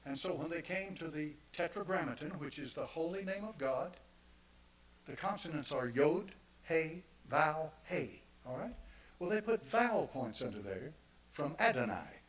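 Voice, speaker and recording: A male pastor preaching a sermon, repeating phrases for emphasis and swinging from quiet asides to loud, emphatic declarations. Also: a little high, lively intonation, moderate pace, slight background noise, rough recording.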